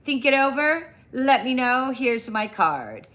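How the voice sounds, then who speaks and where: A woman reading aloud and voicing a small gopher who talks like a brisk salesman in short, clipped phrases. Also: high-pitched, sing-song, a bit bright, pitched above the performer's own voice, heavily acted. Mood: businesslike. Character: excitable small gopher, fast-talking salesman type.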